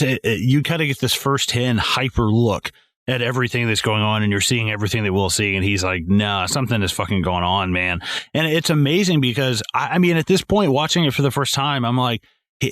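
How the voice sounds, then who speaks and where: A man's voice: mid-range voice, fairly bright tone, no room sound, clean studio sound. A man rambling in a casual movie-discussion podcast, swearing freely and often restarting his sentences. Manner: rambling, profane, many restarts. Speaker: podcast host.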